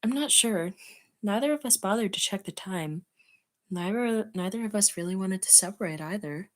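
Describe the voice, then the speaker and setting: A woman's voice: medium pitch, expressive, normal speed. A woman streaming, reading fan fiction aloud and giggling between passages. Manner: giggly, breaks off to comment.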